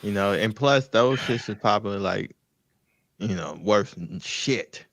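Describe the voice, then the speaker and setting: A man's voice: fairly low pitch, expressive, a little slow, fairly bright tone, dry recording. A man on a live tech stream, chatting in a laid-back, teasing way. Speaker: tech show co-host. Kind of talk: casual live-stream banter.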